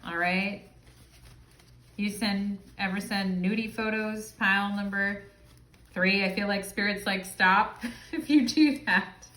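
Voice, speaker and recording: A woman's voice: medium pitch, a little slow, fairly bright tone. Chatty woman reading tarot in a roomy space. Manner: chatty, frequent "okay?" check-ins, casual swearing. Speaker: tarot reader. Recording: roomy echo.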